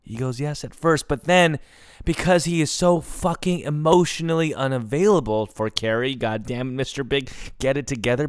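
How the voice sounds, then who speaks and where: A man's voice: medium pitch, normal speed, clear, resonant tone, dry recording, studio quality. A man hosting a solo comedy podcast, telling a rambling story with lots of swearing and tangents. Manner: animated, profane, prone to tangents. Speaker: podcast host.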